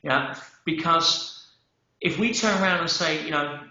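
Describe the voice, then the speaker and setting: Speaking a little slowly with a voice on the high side, a male guest tells stories emphatically and animatedly in a conversational interview. He acts out quotes and peppers his talk with "yeah?" and "right?"; the podcast audio is roomy and dull.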